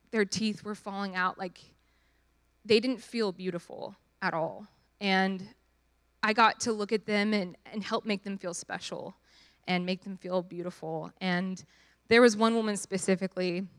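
A woman's voice: medium pitch, a bit bright. A young woman who leads youth trips, telling a personal story in a chatty way, with many fillers and frequent laughs. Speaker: youth trip leader. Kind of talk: casual personal testimony.

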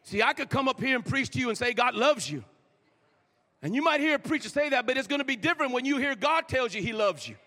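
A male pastor preaching a sermon in a church, swinging from loud shouts down to hushed whispers. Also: very high-pitched, animated, fast. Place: church sanctuary. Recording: long reverb of a large hall.

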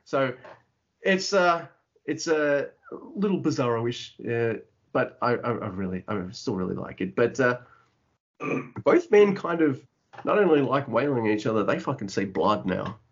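Male podcast co-host, casual and animated, profane, dull lo-fi mic. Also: medium pitch, moderate pace. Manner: animated, swears a lot, acts out wrestlers' lines. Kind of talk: casual wrestling chat.

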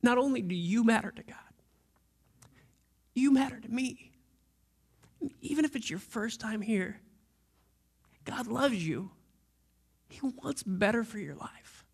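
A man's voice: very high voice, expressive, unhurried, creaky, pauses often, breathy edge. A man preaching a sermon as lead pastor, earnest and direct with his listeners.

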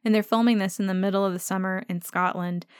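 A podcast host with a medium-pitched, clean voice speaks in a steady tone on a dry, studio-quality recording. She gushes about a favorite episode on her fan podcast, chatting casually and speeding up in enthusiastic rushes.

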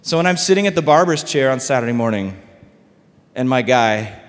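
A man's voice: mid-range voice, lively intonation, fairly quick, big-room sound. A man preaching a sermon as pastor, casual and conversational, full of fillers and asides. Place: church sanctuary.

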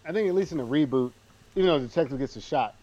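A man's voice: fairly high pitch, lively intonation, racing, mellow, slight background noise. Male podcast co-host, dry and rambling, slightly dull recording. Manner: rambling, self-deprecating, dry asides. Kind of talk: casual movie recap chat.

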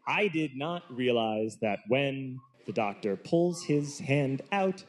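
A man doing stand-up comedy, telling a self-mocking story with animated outbursts. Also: mid-range voice, slow pace. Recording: noisy live recording with room ambience.

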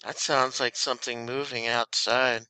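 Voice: medium pitch, little pitch movement, measured pace, bright, forceful tone, smooth, no echo, poor audio. A podcast co-host trading dry quips in casual chat.

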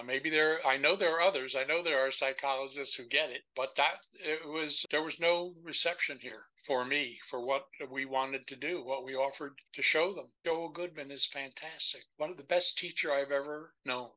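An older man speaking on a podcast with a very bright, sharp-edged voice that sits somewhat high for a man. He tells his stories with energy and slips into the voices of the people he quotes. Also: rough recording. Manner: animated storyteller who acts out the voices of the people he quotes. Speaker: podcast guest. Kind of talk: storytelling conversation.

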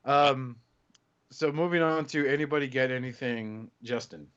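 A man's voice: mid-range voice, moderate pace, fairly bright tone, clear, resonant tone. A male podcast host with a mid-range voice jokes and teases his way through introductions. His audio sounds a little dull and lo-fi, missing its top end. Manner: joking, teasing introductions. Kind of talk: casual comedic chat.

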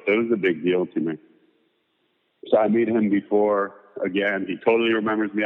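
A man's voice: sits low, a little slow, long pauses. A man as an interview guest, casually telling a long rambling story with lots of fillers. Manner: rambling, animated anecdote with many fillers. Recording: tinny phone-like sound with long reverb.

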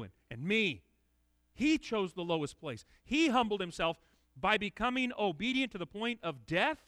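A man's voice: sits high, pushed and bright, no room sound. A man giving an expository sermon in an earnest, emphatic way, often repeating words as he restarts. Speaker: preacher.

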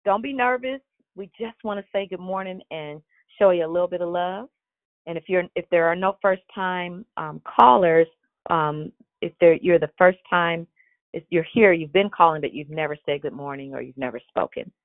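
A woman's voice: lowish voice, moderate pace, dry recording. A woman hosting a church prayer call over the phone, speaking in an encouraging, preacherly way. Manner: warm, encouraging, sermon-like cadence. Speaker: host of a prayer call line. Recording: tinny phone line.

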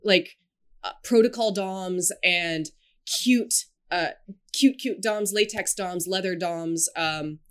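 A woman's voice: fairly low pitch, slow pace. A woman chatting casually as a podcast guest, giggling often and rambling with plenty of fillers. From Scotland and China. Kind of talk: casual chat.

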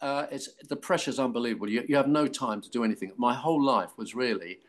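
An older man from London, an actor guest in an interview, telling stories in a halting way with many fillers and restarts. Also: medium pitch. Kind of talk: casual interview chat.

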